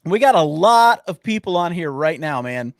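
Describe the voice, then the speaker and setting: A man co-hosting a casual podcast, upbeat and rambling as he talks up his guest. His voice sits a bit high for a man. The sound is close and dry, with no room around it. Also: sing-song, normal speed, dry recording. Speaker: podcast co-host. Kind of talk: casual livestream podcast chat.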